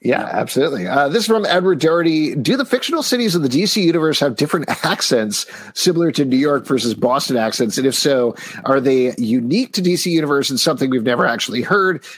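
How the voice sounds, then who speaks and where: Husky, lively male host. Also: mid-range voice, quick pace, hardly any pauses. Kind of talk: livestream chat show.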